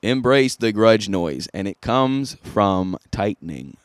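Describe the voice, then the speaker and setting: A man's voice: lowish voice, expressive, takes it slowly, smooth, no room sound, clean studio sound. A man giving a casual, easygoing singing tutorial as a vocal coach.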